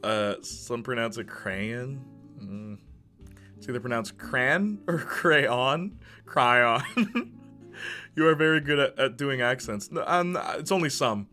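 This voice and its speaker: Streamer guy chatting w chat, bright tense voice, laughs a lot. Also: medium pitch, normal speed, soft background music. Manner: reads chat aloud and reacts, animated, laughs often. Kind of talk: casual livestream chat.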